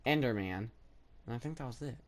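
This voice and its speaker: A woman giving chatty, rambling commentary over her own gameplay, thinking aloud with lots of fillers and sudden bursts of excitement. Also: rumbling low, fairly quick. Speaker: gaming video creator.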